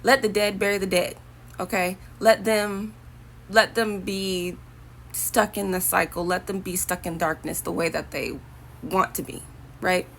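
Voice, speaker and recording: A woman's voice: fairly low pitch, steady tone, normal speed, vocal fry, fairly bright tone, a little hiss or hum. A young woman talking casually to her viewers, rambling and chatty with preachy asides. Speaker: vlogger. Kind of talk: casual talk to camera.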